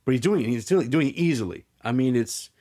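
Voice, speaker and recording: A male podcast host retells a story in casual, rambling chat, tripping over restarts and fillers. He talks fast, at a middle pitch. His delivery stays animated throughout.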